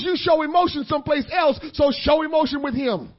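A man preaching a sermon with passion, swinging from quiet talk to shouted peaks. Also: very high-pitched, brisk, hardly any pauses, lo-fi sound. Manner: impassioned preaching, swelling to shouts. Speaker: pastor.

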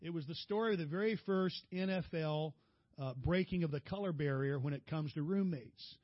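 A male preacher telling personal stories in a folksy, animated sermon. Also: a little high, normal speed, no echo, muffled recording.

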